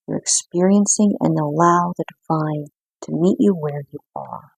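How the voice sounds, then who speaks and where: A woman with a low, gravelly, husky voice gives an intuitive card reading. She speaks earnestly and reflectively, pausing often to gather her thoughts. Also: a little mellow, no echo. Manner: earnest, reflective, with frequent pauses. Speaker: spiritual card reader.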